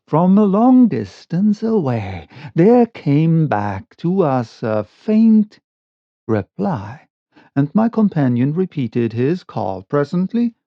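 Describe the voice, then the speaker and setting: A man reading a spooky short story aloud in a slow, dramatic narration. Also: a little high, sing-song, no echo. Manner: slow, dramatic, varied delivery. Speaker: audiobook reader. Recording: dull lo-fi recording.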